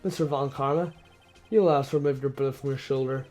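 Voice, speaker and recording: A man voicing a confident young male defense attorney who argues steadily and methodically, his voice a little hoarse. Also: medium pitch, steady tone, a little fast, a little mellow, faint music behind, lightly acted.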